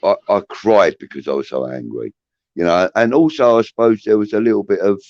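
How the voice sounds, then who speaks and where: A man's voice: fairly low pitch, expressive, a little fast, gravelly, darkish tone, no room sound, muffled recording. A man hosting a casual livestream, rambling with many restarts and swearing, reading out chat comments. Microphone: phone.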